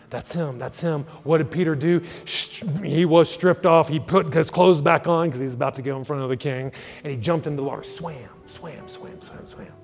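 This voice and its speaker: A man's voice: mid-range voice, vocal fry. A male pastor preaching a sermon, dramatically acting out scripture dialogue. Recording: long hall reverb with faint music.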